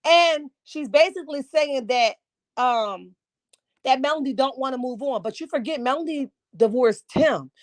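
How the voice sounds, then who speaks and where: A woman's voice: sits high, lively intonation, moderate pace, no room sound. A woman hosting a casual live commentary stream from home, sassy and emphatic, often asking "right?". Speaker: livestream host.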